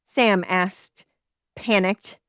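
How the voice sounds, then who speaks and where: A woman's voice: mid-range voice, steady tone, extremely slow, fairly bright tone, smooth, no echo, clean studio sound. A woman hosting a live-stream podcast, reading a story submission aloud with dramatic flair and stopping to react.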